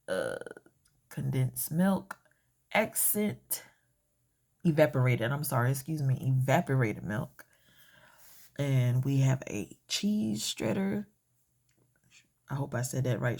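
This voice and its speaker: A woman walks through a home cooking tutorial in an unhurried, drawn-out way. Her voice has a gravelly, creaky edge, and she hesitates often, filling gaps and correcting her own words. The talk stays casual and homey. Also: deep voice. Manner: hesitant, self-correcting, many fillers. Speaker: home cook.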